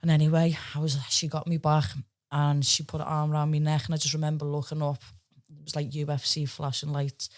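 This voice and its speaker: Lively Liverpool woman telling stories. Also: low-pitched, a little fast. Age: 30s. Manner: lively, swears freely, acts out quoted voices. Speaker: podcast guest, fighter. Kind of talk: casual storytelling chat.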